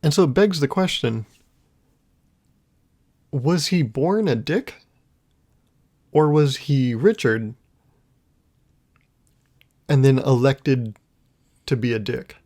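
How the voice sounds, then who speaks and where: A man's voice: medium pitch, takes it slowly, long pauses, darkish tone. A young man hosting a solo podcast, rambling through a casual comedic monologue and laughing at his own jokes. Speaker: podcast host.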